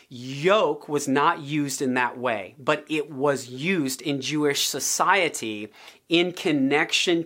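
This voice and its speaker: A man hosts a teaching podcast, explaining scripture with strong emphasis. He slows down to stretch out the important words. When he runs through a list, his voice climbs and grows more animated. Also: high voice. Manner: builds to rising, animated emphasis on lists. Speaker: Bible teacher and podcast host.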